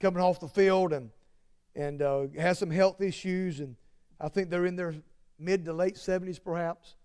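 Male preacher, high and clear voice, earnest sermon delivery that swings from forceful to hushed. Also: fairly even intonation, normal speed. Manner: earnest, emphatic, repeats phrases, swings from loud to hushed.

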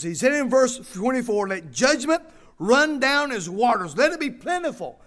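Male pastor with a high-pitched voice, preaching with emphatic repetition and reading scripture aloud. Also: big pitch swings, normal speed, a bit bright. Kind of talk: sermon.

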